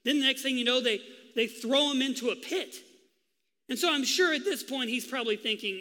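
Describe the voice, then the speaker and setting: A male pastor delivers a sermon, telling the story with lively, acted-out quotes. His voice sits high and bright. A long reverb trails behind him, as in a big hall. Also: a little fast.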